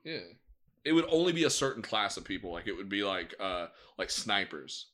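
A man's voice: on the low side, very animated, brisk, a bit bright. Swearing, argumentative podcast guy. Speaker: podcast co-host. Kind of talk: casual chat.

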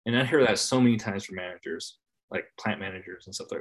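A man in casual conversation, laid-back, swearing freely and trailing off softly at the ends of his phrases. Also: lowish voice, quick pace. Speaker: podcast guest. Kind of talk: casual chat.

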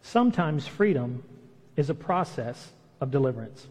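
Pastor guy preaching, kinda husky high voice, long church echo. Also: big pitch swings, moderate pace, a little mellow. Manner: conversational preaching, acts out quoted lines. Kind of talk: sermon. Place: church hall.

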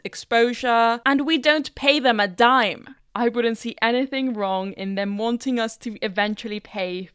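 A woman's voice: fairly high pitch, fairly bright tone, smooth, no echo, studio quality. A woman vlogger giving blunt, opinionated commentary.

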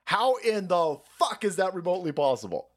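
Male streamer host, profane rant delivery, lively pitch swings. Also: a little fast. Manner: crude, animated, laughs often.

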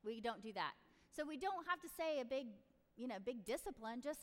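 This parenting podcast host, a middle-aged woman, offers relaxed advice with a direct, talkative manner, frequently performing both parent and child dialogue. She speaks at a moderate pace in a high, expressive voice, and the setting is a large hall.

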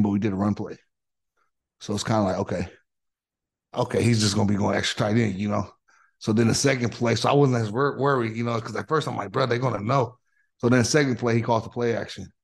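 A middle-aged man, a former pro football lineman, telling excitable stories with slang in a podcast chat. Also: on the low side, gravelly, husky. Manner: animated, excitable storytelling with slang. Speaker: podcast guest, former NFL offensive tackle. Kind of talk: casual storytelling.

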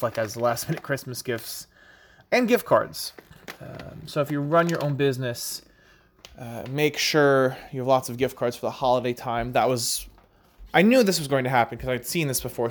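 A man who works as a barista talks in a casual monologue, wandering from point to point. His voice sits at an average pitch for a man. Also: a little fast. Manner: rambling, digressive.

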